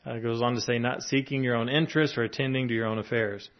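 A man delivering a sermon in a loose, conversational way, moving between scripture readings and casual asides. His voice sits at a middle pitch, and the recording sounds a little dull. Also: steady tone, quick pace. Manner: conversational preaching, with chuckles and fillers. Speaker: pastor.

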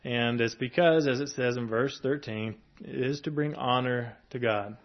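A man's voice: mid-range voice, normal speed, lo-fi sound. A man preaching a sermon in a conversational way, reading scripture and adding asides with small chuckles and fillers. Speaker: pastor.

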